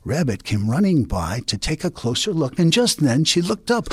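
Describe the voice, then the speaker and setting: A man telling a folk tale in a playful, hushed way, often sinking to a whisper. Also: fairly high pitch, sing-song, normal speed, few pauses, slightly rough, no room sound, studio quality. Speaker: storyteller.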